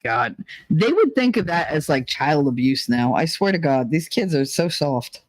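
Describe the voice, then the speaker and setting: A man's voice: a little high, very animated, normal speed, no echo, poor audio. A middle-aged man from New Jersey with a New Jersey accent, hosting a live stream in rambling, profane casual chat, laughing often. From New Jersey, USA.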